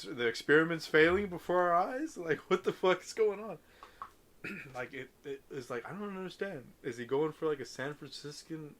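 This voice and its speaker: A man's voice: a little high, a bit bright. A young man from Southern California, co-hosting a podcast in loose, profane banter and laughing often. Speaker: podcast co-host. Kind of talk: casual chat.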